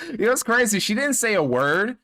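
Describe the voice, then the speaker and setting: A man with a slightly high voice talks loosely and crudely as a livestream host. He mocks people with gossipy relish, swears freely and chuckles at his own jokes. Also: bright, forceful tone. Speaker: livestream commentator. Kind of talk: casual stream commentary.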